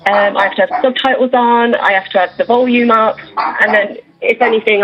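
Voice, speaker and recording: A woman's voice: a little high, steady tone, a little fast, hardly any pauses, a bit bright. A woman from Shropshire calling in to a TV show, exasperated and rambling about her dog. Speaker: caller. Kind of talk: phone-in call. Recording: dull lo-fi phone line.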